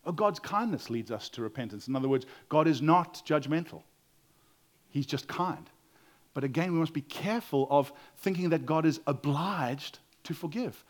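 A man preaching a sermon in an earnest way, acting out quoted voices and dropping to a quiet voice to stress a point. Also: on the high side, animated, moderate pace. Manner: earnest, acts out quotes, drops to quiet for emphasis.

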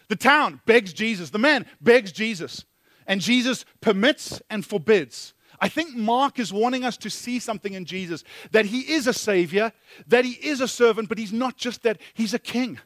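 A man's voice: sits high, a bit bright, no room sound. A man preaching a sermon as a pastor, earnest, often repeating phrases for emphasis.

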